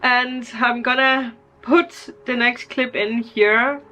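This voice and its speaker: A woman's voice: a little high, steady tone, takes it slowly, bright, forceful tone, soft background music. A woman vlogger unboxing gifts, giggly and tearful, gushing with happy emotion. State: crying happily. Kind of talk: emotional gift unboxing vlog.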